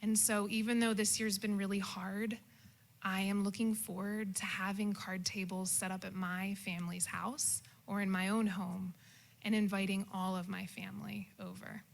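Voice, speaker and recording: A young adult woman telling a comic personal story about a family holiday, animated and shouting out her relatives' quoted lines. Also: medium pitch, moderate pace.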